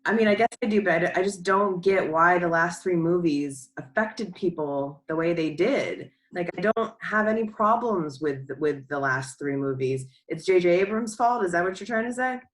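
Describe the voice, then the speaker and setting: A woman co-hosts a casual podcast chat, pushing her views emphatically. Her voice sits a little low for a woman. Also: moderate pace, hardly any pauses, low-quality recording. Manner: emphatic, opinionated. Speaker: podcast co-host.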